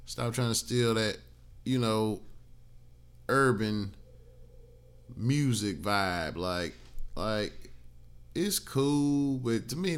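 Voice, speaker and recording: A man's voice: lowish voice, a bit bright, clear, resonant tone. Blunt, profane man ranting solo. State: tired, yawning. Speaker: podcast host. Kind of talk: solo podcast commentary.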